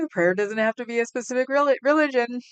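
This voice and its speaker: A woman in her fifties with a high, clean voice hosts a livestream from home, the recording's highs cut off. She chats in a rambling, casual way and laughs often.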